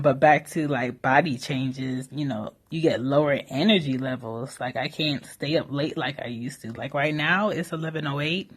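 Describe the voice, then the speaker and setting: A woman's voice: rumbling low, slightly rough. A young woman hosting a solo podcast, talking candidly and casually about motherhood, with fillers and mild swearing. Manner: candid, conversational, with frequent fillers and mild profanity. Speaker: podcast host.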